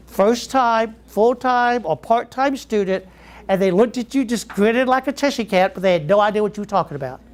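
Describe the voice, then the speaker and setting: Delivering a keynote to educators, this middle-aged Southeast Georgia native speaks in a higher register with a Georgia accent. His lively stories pull listeners in, and he regularly quizzes the crowd.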